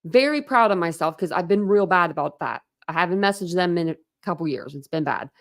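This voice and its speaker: A woman's voice: on the low side, animated, a little fast. Chatty woman hosting a livestream. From Ohio, USA. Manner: chatty, rambling, frequent fillers. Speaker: livestream host. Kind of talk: casual livestream chat.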